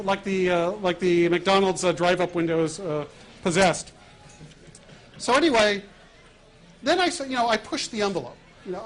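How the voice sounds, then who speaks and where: A middle-aged American man telling stories in a lively way, acting out prank calls and laughing along. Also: high-pitched. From United States. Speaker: guest speaker. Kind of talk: storytelling talk.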